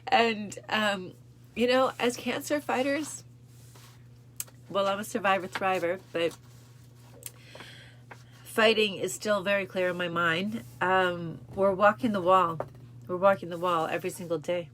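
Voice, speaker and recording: A woman's voice: unhurried, pauses often, fairly bright tone, slight background noise. A woman hosting a cancer support show, chatting casually and emotionally to her viewers, repeating phrases and acting out scenes. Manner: emotional, repeats phrases, acts out film lines with rising pitch. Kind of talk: casual talk to camera.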